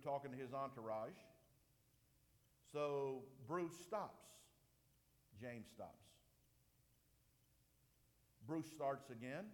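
A man preaching a sermon with emphatic delivery, slowing down to stress points and swinging his voice up and down. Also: medium pitch, big-room sound. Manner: emphatic preaching, slows for stress, rises and drops sharply. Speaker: pastor.

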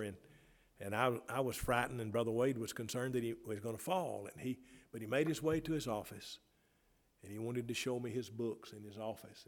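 Preacher, mid-pitched man, fervent swings from soft tales to loud appeals, echoing sanctuary. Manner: impassioned preaching, swinging between loud calls and quiet storytelling. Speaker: pastor. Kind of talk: Baptist sermon. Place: church sanctuary. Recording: long reverb in a church hall.

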